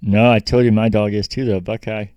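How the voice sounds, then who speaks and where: Low-voiced man joking along. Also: flat delivery, brisk, darkish tone, clear, resonant tone, no echo, lo-fi sound. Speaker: podcast co-host. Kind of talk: casual chat.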